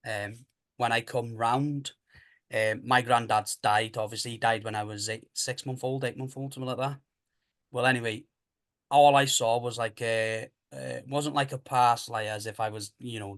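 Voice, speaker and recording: A man's voice: medium pitch, fairly bright tone. A man, a paranormal investigator guest telling his stories in a casual, rambling way. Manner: rambling, repeats himself, retells dialogue. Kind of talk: casual storytelling.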